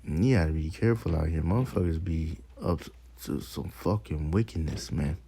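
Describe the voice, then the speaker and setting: Deep gravelly man, profane casual preaching. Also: normal speed, warm tone, slight background noise. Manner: profane, emphatic, laughs at his own stories.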